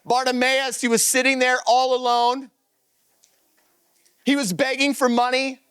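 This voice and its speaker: A pastor preaching a lively sermon to his congregation, reading scripture aloud and acting out the story. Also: very high-pitched, unhurried, smooth, no room sound. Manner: animated, energetic preaching to a congregation. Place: church service.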